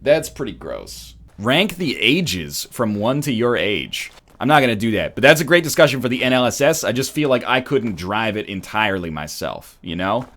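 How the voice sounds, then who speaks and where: A man's voice: mid-range voice, big pitch swings, moderate pace, hardly any pauses, fairly bright tone. A man in his thirties, a streamer who chats casually and rambles in a joking, opinionated way while playing a game. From Canada. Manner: rambling, joking and opinionated, riffing on chat comments. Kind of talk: casual chat while gaming.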